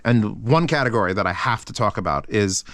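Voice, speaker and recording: A man hosting a casual review channel, talking in an excitable, rambling way with lots of swearing. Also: lowish voice, a little fast, dry recording, clean studio sound.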